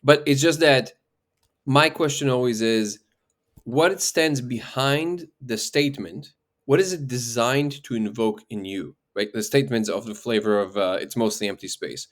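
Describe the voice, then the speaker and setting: A man's voice: medium pitch, measured pace. A man being interviewed as a guest researcher, explaining ideas in casual conversation. He thinks aloud, restarts his sentences and often checks in with "right?".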